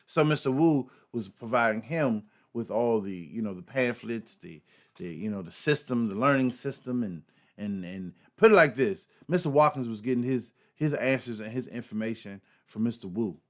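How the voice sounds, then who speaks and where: A man's voice: mid-range voice, animated, moderate pace. Man hosting an emphatic reaction commentary. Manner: emphatic, repetitive, profane, fillers. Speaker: host.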